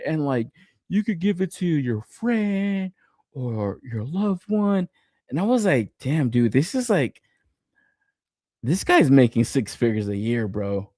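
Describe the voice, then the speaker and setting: Host, young guy, lively swearing rant, dry close mic. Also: mid-range voice, dry recording. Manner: profane, animated ranting with frequent laughs. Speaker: podcast host. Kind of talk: casual ranting podcast talk.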